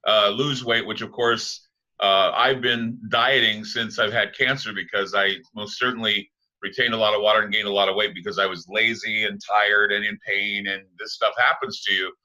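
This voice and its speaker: A man hosting a casual interview, his voice pitched low yet with a bright, forceful edge. He talks in a halting way, filling gaps with "uh" as he gathers his thoughts. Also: fairly even intonation, poor audio. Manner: halting, with frequent "uh" fillers. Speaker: talk show host.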